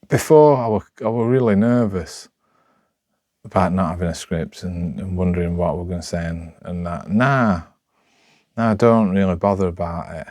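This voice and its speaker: Slow, deep-voiced Sheffield man rambling. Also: a little mellow, no room sound, clean studio sound. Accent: Sheffield, Yorkshire. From Sheffield, England. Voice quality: rough, broad local speech. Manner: rambling, halting, many restarts. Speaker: vlogger. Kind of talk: unscripted talk to camera.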